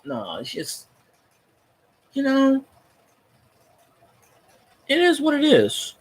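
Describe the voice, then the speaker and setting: A man hosting a casual sports chat, rambling and profane like an excited fan. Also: extremely high pitch, slow pace, pauses often. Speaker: podcast host.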